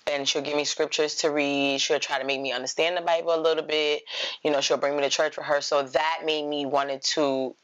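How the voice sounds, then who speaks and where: A woman calmly telling how her journey with faith began, in a casual chat. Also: low voice, a little fast. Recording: slightly dull, muffled sound.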